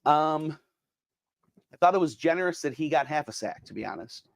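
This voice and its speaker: A man's voice: on the high side, animated, moderate pace, no echo, clean studio sound. A middle-aged man hosting a casual sports podcast alone, rambling with lots of fillers and repeats as he reads comments. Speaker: podcast host. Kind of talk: casual solo sports talk reading viewer comments.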